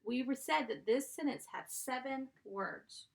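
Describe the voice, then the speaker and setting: A woman's voice: sits high, a little slow, creaky. A woman teaching a first grade class, dictating sentences and patiently sounding out letters and blends.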